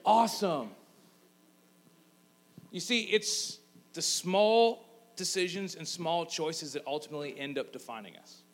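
Joking pastor with a higher voice. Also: male voice, measured pace, pauses often. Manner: casual, joking storyteller who acts out voices. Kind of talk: sermon.

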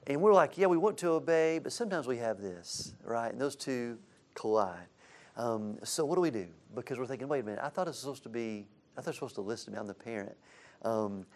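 Lively man teaching a church class. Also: mid-range voice. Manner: asks the group questions and answers them. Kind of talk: interactive Bible teaching to a church group. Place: church classroom with a live audience.

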